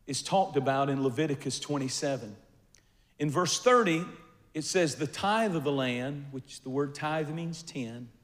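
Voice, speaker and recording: An older man preaching a sermon, telling a funny personal story with animated swings between quiet asides and loud bursts. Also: on the high side. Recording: long reverb of a large hall.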